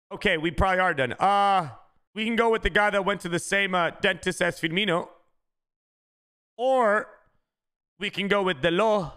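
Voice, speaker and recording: A man streaming a video game, chatting casually with his chat and shouting when he gets a good pull. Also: high-pitched, smooth. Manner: excitable, shouts at big pack pulls; talks to chat, says bro a lot. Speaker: gaming streamer. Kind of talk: casual live-stream commentary.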